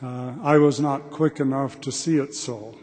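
A man's voice: mid-range voice, fairly even intonation, darkish tone. Older man giving a devotional address. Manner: plain, measured, thoughtful delivery. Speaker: devotional speaker. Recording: long hall reverb.

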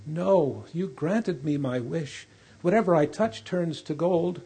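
A remorseful old king pleads in a dark, mellow voice with a husky edge, as a man voices him. He sounds grieved and earnest as he talks of his lost happiness. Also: a little high, takes it slowly, full character voice.

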